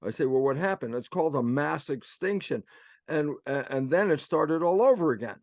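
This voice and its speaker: Older man, animated storyteller. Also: a little high, normal speed, dry recording. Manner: animated storyteller acting out both sides of imagined exchanges. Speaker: guest. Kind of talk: casual conversational explanation.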